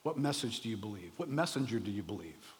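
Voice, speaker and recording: A man preaching a sermon in an animated, conversational way, often asking the audience rhetorical questions. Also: lowish voice, fast, in a large hall. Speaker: pastor.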